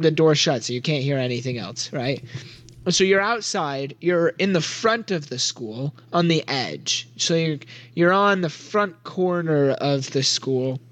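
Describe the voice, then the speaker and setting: A man's voice: a little high, lively intonation, unhurried, fairly bright tone. A young man narrating as game master of a tabletop role-playing game, giggly and rambling with lots of fillers. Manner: giggly, rambling with many likes.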